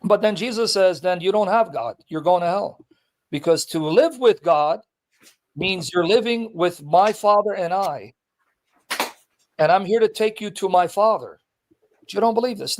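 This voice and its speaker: A man with a notably high-pitched voice argues his point with relentless insistence. He reads scripture verses aloud with heavy emphasis, then turns them back on the other person as pointed challenges. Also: normal speed. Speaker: Christian apologist debating a Muslim. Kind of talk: street debate, reading scripture aloud.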